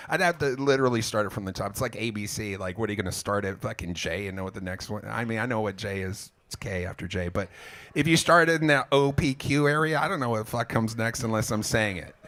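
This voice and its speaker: A man's voice: lowish voice, fairly bright tone. A man, a singer-songwriter, talking to a live audience between songs in a small club, telling a meandering, self-mocking story with casual swearing. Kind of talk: rambling stage banter between songs.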